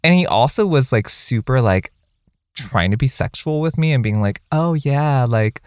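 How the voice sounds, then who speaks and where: A young man co-hosting a podcast, telling a story casually with lots of likes and ums and animated quoted lines. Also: mid-range voice, normal speed, no echo, clean studio sound. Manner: animated, quoting people in a raised voice. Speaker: podcast co-host.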